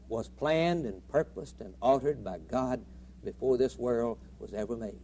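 A man's voice: medium pitch, animated, measured pace, warm tone, husky. A man preaching a sermon with emphatic, rhythmic repetition.

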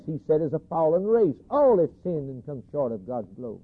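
A male preacher delivering an emphatic sermon, repeating key phrases and swinging between loud declarations and hushed lines. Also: a little high, big pitch swings, fairly quick, few pauses, husky. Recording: tinny lo-fi phone-like recording.

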